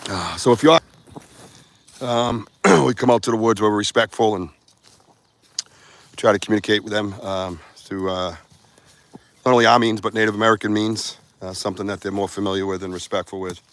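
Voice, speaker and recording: A middle-aged man with a somewhat low voice hosts a live stream from the woods. He rambles in a loose, casual way and swears freely. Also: steady tone, a little fast, long pauses, a bit bright. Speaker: host of a live Bigfoot research show. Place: outdoors in the woods.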